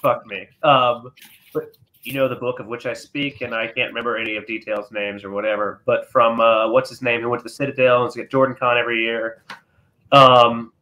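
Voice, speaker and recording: A man's voice: mid-range voice, flat delivery, a little fast, pushed and bright. A man hosting a podcast in casual chat, rambling and swearing as he loses his train of thought. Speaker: podcast host.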